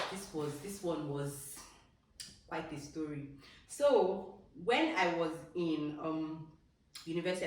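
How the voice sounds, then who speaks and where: A young woman with a Nigerian English accent, casually telling childhood stories to her vlog audience, animated and quick to laugh. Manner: animated, laughs often, bursts into high exclamations. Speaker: vlogger. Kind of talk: casual storytelling. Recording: echoey room, distant mic, background noise.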